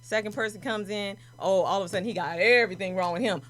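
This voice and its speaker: A woman guest in a casual interview, telling stories and acting out the people in them with lively energy. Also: mid-range voice, fast, hardly any pauses, a little hiss or hum. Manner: animated, acts out voices in her stories. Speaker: guest, prison doctor.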